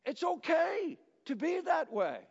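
A man preaching a sermon as pastor, talking to the congregation in a conversational, animated way and acting out quotes. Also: very high-pitched, slow, creaky. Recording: echoey hall, dull lo-fi sound.

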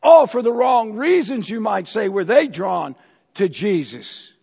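Husky high-voiced preacher in a hall. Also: male voice, expressive, a little slow, a little mellow. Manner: storytelling, acts out voices of characters. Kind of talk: sermon. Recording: dull hall echo.

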